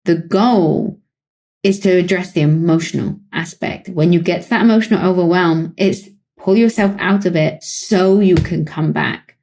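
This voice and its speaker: A British woman with a British English accent and a fairly low voice, talking through ideas in a calm, explanatory way. She speaks as a psychologist co-host in relaxed podcast conversation, now and then with a light laugh. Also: normal speed. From Britain.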